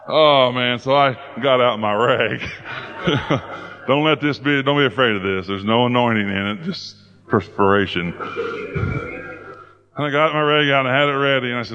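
A man's voice: medium pitch, normal speed, dull audio. A man preaching a sermon, telling stories in a folksy, playful way. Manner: folksy storytelling, playful and animated.

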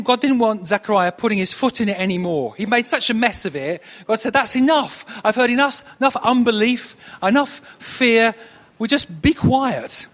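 A man's voice: high voice, a bit bright, big-room sound. A man preaching a sermon, telling stories in a conversational way with frequent restarts. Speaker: pastor.

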